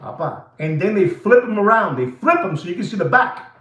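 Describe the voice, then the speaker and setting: Guy ranting on his watch channel, high voice swinging all over, roomy echoey sound. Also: brisk. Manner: excitable, theatrical, slips into Spanish asides. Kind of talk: animated rant to viewers. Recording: roomy echo.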